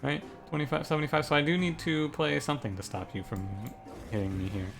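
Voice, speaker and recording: A man's voice: on the high side, expressive, fast talker, creaky, fairly bright tone, soft background music. A young man giving casual commentary on a card game as he streams it, thinking aloud with many restarts. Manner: thinks aloud, restarts, gets ranting and exasperated. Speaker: gaming streamer.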